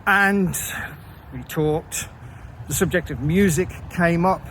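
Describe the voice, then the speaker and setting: Man, casual storytelling, wry, self-deprecating, hesitant fillers, slightly high voice, faint noise behind. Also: slow, a bit bright, poor audio. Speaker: vlogger telling his own story. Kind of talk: casual first-person storytelling.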